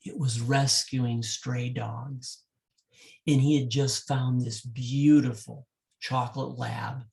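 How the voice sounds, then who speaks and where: Man telling a love story to couples, lively storyteller, kinda gravelly and slow. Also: mid-range voice. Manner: animated storyteller, direct address. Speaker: wedding DJ.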